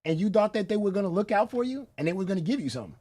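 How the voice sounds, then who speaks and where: A man's voice: high-pitched, big pitch swings, rapid-fire, mellow. A man hosting a reaction stream, throwing sarcastic, needling questions at a caller. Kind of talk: mocking commentary on a livestream.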